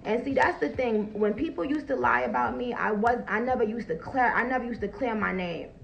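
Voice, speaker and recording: Profane, animated woman ranting on a live stream. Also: on the high side, fairly quick, gravelly, dull audio, slight background noise. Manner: profane, animated, laughing, shouting at peaks. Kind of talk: casual live-stream rant.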